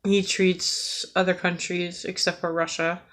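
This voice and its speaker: A woman's voice: lowish voice, little pitch movement, measured pace, fairly bright tone. A woman from the United States delivering an earnest, emotional rant, with frequent hesitations and fillers as she talks. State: emotional, near tears. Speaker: vlogger.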